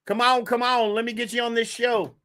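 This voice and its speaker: A man hosting a casual live-streamed sports talk show, animated and scattered, laughing while he juggles links and texts. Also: very high voice, fairly quick. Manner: animated, laughing, talks to chat and co-hosts. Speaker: podcast host.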